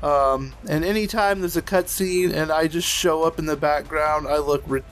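A man's voice: fairly high pitch, steady tone, moderate pace, faint music behind. A man chatting on a podcast in a loose, rambling way, full of fillers and casual swearing. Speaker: podcast co-host. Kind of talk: casual chat.

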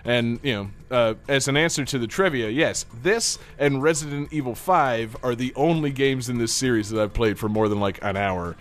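A man's voice: mid-range voice, moderate pace, hardly any pauses. A man co-hosting a podcast, chatting casually about a video game in a rambling way, with lots of fillers and laughter. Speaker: podcast co-host.

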